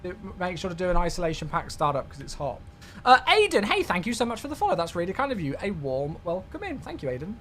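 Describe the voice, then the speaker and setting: A British man in his thirties talks to his live-stream chat in a high, bright voice that swings up and down. He gets excitable and effusive as he thanks viewers. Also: fast, a little hiss or hum.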